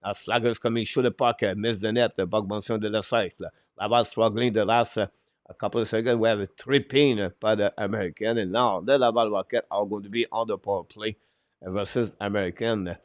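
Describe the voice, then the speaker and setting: A man with a fairly low voice calls a hockey game play-by-play for a live stream. He stumbles along with many "uh" fillers, broken phrasing and quick apologetic corrections. The sound is dry and close, with no room in it. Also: fairly even intonation, no room sound. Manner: halting, frequent "uh" fillers, broken English phrasing. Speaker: play-by-play commentator and show host.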